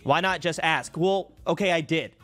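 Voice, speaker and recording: A man's voice: fairly high pitch, normal speed, bright, forceful tone, soft background music. A young man streaming from home, telling old stories in a casual, profane, sarcastic way into a desk mic. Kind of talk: casual storytelling to a live stream audience.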